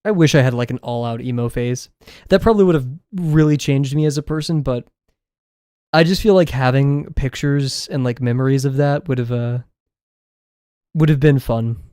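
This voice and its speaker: A young man streaming his drawing session, rambling casually with viewers, self-deprecating and quick to laugh. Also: mid-range voice, mellow, smooth, dry recording, studio quality. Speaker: drawing livestreamer.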